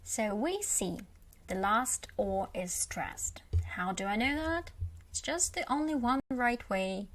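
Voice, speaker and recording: Russian-accented woman teacher, slow and patient, a touch high, beginner lesson. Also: expressive, a bit bright. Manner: slow, patient, repeats example words with emphasis.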